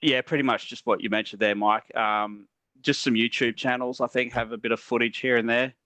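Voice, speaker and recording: A man's voice: medium pitch, steady tone, fairly quick, pushed and bright, no echo. A man with an Australian accent hosting a casual podcast chat, reading out listener questions and answering them at length. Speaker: podcast host.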